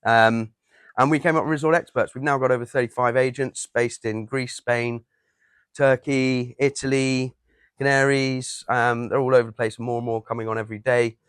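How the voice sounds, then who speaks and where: A man's voice: mid-range voice, flat delivery, normal speed, clean tone, no echo. Chatty man co-hosting a chat show. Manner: chatty, plugs a travel business. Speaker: podcast co-host. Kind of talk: casual chat.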